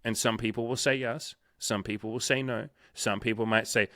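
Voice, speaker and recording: A young man coaching on dating speaks bluntly and swears freely, acting out little quoted exchanges as he goes. His voice is bright and forceful. The sound is dry and close. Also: on the low side, a little fast, hardly any pauses, dry recording. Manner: blunt, profane, animated storytelling with acted quotes. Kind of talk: casual interview chat.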